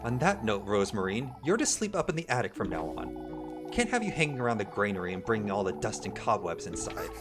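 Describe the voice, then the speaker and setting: A man's voice: on the low side, big pitch swings, brisk, over loud music. Man voicing a stern scolding young woman. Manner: scolding, threatening. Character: stern bossy young woman, sharp-tongued. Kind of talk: reading game dialogue aloud.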